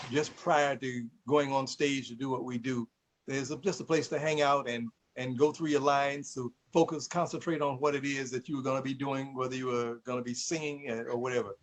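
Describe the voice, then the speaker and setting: A man's voice: mid-range voice, poor audio. A man hosting a casual conversation and telling stories with frequent laughter. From Mississippi, USA. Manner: storytelling, laughs often. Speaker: host.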